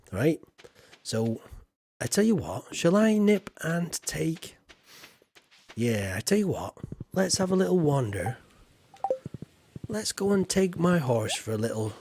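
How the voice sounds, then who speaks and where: A man's voice: mid-range voice, darkish tone, slightly rough, dry recording. A man giving rambling, jokey commentary while he streams a game. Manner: rambling, jokey, chatty asides. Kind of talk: casual gameplay commentary.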